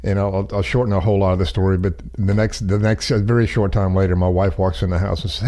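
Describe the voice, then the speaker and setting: Man, middle-aged, deep voice, casual rambling storytelling, self-deprecating, folksy. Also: little pitch movement, fast talker, hardly any pauses, warm tone. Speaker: podcast guest.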